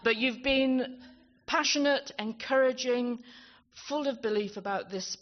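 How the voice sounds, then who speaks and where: A woman's voice: high voice, unhurried. A woman presenting at a conference closing ceremony, chatty and self-deprecating, stumbling over her words. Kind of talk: live thank-you speech on stage. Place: conference hall with audience. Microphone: handheld microphone. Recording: dull hall sound with crowd behind.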